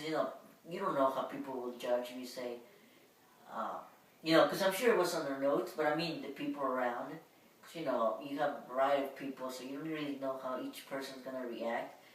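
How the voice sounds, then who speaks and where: A woman's voice: very deep voice, steady tone, a little fast, distant mic. A woman vlogger telling a personal story in a casual, rambling way, full of filler words. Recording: very echoey room, voice away from mic, faint hum.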